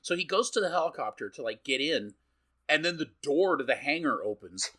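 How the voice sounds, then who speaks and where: A podcast co-host recaps a film scene by scene in casual chat, his bright, slightly high voice moving briskly and swinging up and down. He's animated, swears freely, and acts out the characters' lines.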